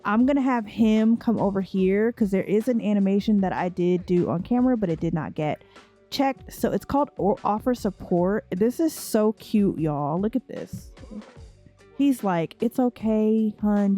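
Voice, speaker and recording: A young woman hosts a relaxed let's play, sounding tired but chatty as she talks straight to her viewers. Her voice is warm and mellow, with a laugh never far off. Soft music plays faintly underneath. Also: medium pitch, moderate pace. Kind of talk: casual gameplay commentary.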